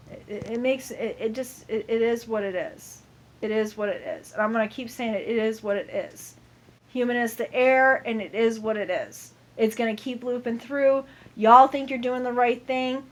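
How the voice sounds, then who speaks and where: A woman's voice: on the high side, moderate pace. A woman ranting to camera in a heated, profane monologue, repeating herself over and over.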